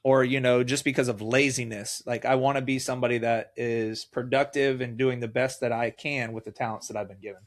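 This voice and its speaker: Man telling animated faith stories. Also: medium pitch, brisk, hardly any pauses. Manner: animated storyteller, acts out quoted dialogue. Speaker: guest, mayoral candidate. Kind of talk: casual faith conversation.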